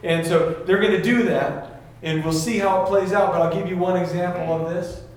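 Young guy preaching casual, high-ish voice, lots of laughs and funny voices, super echoey room. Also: normal speed. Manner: animated, laughing, acts out voices in stories. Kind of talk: casual sermon. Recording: very echoey room with faint ambience.

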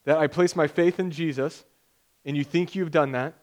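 A man's voice: a little high, fairly even intonation, moderate pace, darkish tone. A young man preaching a sermon as pastor, conversational and joking, often acting out imagined voices.

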